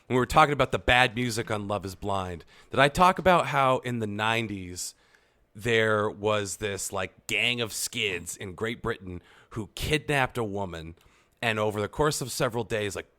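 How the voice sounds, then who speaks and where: A male co-host spinning a long, meandering story with deadpan delivery. His pitch is animated and his tone is bright. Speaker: podcast co-host. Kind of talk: casual comedic podcast chat.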